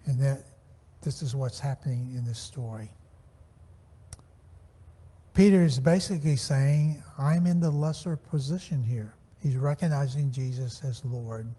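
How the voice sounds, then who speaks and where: A man teaching a Sunday Bible class, measured and slowing down to stress the scripture phrases he reads. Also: fairly high pitch, dark tone, slightly rough. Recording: church hall with long reverb.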